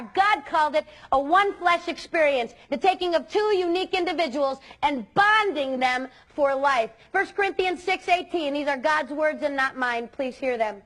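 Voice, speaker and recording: A woman's voice: very high voice, fairly bright tone. A woman youth speaker giving an earnest, emphatic motivational talk to students.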